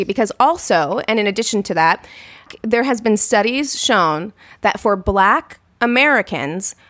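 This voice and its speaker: A woman's voice: medium pitch, fairly bright tone, dry recording. Earnest woman podcast co-host, dry. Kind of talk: casual podcast discussion.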